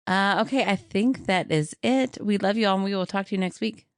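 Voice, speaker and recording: A woman's voice: medium pitch, fairly quick, no echo, clean studio sound. A woman co-hosting a podcast in casual chat, rambling and giggling as she reads out thanks and plugs. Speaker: podcast co-host.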